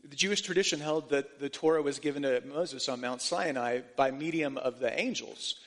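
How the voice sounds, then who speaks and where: Male preacher, slightly high voice, earnest sermon delivery, long hall reverb. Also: moderate pace, fairly bright tone. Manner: earnest, restarting phrases, quoting scripture. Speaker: pastor.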